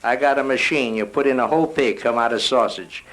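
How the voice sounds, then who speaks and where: A man voicing a proud, stubborn old Italian butcher, with an Italian accent and a low, hushed grumble. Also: fairly quick, natural voice. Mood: exasperated. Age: older.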